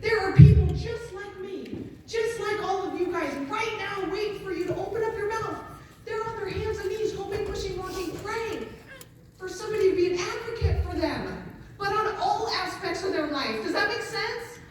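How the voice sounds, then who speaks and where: A woman's voice: very high voice, moderate pace, darkish tone, a little hiss or hum. A woman speaking passionately to an audience, urging them to help others. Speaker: network marketing speaker. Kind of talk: motivational stage talk. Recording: echoey hall, mic from a distance.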